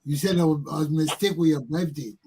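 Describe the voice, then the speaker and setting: A man's voice: fairly high pitch, fairly quick, crowd noise. A man hosting a talk show, greeting listeners and bringing in a correspondent with punchy, upbeat lines.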